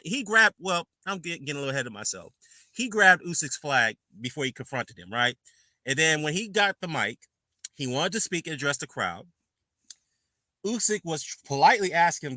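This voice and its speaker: A man's voice: fairly high pitch, no room sound. A man casually reviewing a boxing fight, rambling and incredulous, with lots of fillers and self-corrections. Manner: animated, incredulous, quotes fighters in raised voice. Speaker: boxing commentator, channel host.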